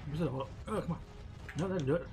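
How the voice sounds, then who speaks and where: A man co-hosting a casual game playthrough, joking, laughing often and breaking into excited exclamations. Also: a little high, racing, soft background music. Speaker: let's play co-host. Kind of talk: casual gameplay chat.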